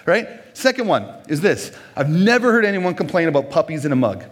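Man, 40s, from Minnesota, humorous sermon, high voice, lively swooping delivery. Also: fast talker, hardly any pauses. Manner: animated, joking, acts out little scenes.

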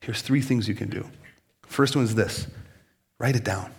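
A man's voice: fairly low pitch, normal speed, breathy edge. A middle-aged man preaching a sermon as a pastor, joking and acting out quoted voices.

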